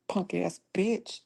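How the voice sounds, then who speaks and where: Husky and warm with vocal fry, this medium-pitched female livestream host talks profanely in a casual stream. She takes a confrontational tone as she tells off trolls in her chat.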